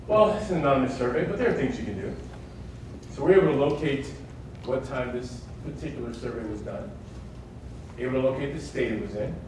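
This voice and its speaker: A man's voice: mid-range voice, noisy background. Emphatic man lecturing in an echoey hall. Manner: emphatic, keeps checking in with "right?". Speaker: workshop speaker on workplace security. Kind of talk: live lecture with audience questions. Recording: echoey hall, mic far off.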